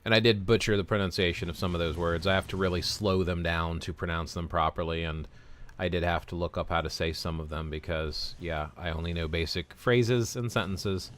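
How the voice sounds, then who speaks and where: A young man hosting a game stream, talking loosely with his chat. His voice sits a little low, and he rambles, restarts and loops back mid-thought. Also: steady tone, fairly quick, fairly bright tone. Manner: rambling, self-interrupting storyteller. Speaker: gaming livestream host. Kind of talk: casual chat with viewers.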